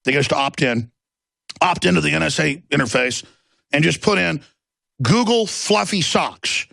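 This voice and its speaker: A man's voice: fairly high pitch, a little fast, creaky, pushed and bright, no room sound. A male talk show host delivering an impassioned, rambling, theatrical rant. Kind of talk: ranting monologue.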